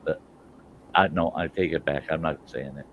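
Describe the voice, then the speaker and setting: A man's voice: very deep voice, fairly even intonation, normal speed, phone-quality sound, very noisy. A man telling jokes in casual chat, swearing freely and laughing at his own punchlines.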